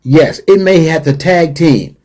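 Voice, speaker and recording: Earnest male radio host, mellow voice. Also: fairly high pitch, measured pace. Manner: earnest, emphatic, repeats key points. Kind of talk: radio talk show monologue.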